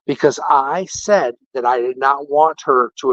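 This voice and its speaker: A man's voice: mid-range voice, a little slow, hardly any pauses, no echo. Man telling an indignant story, dull lo-fi audio. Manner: animated, indignant retelling with quoted dialogue. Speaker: podcast host. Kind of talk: casual storytelling. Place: patient room in a care facility.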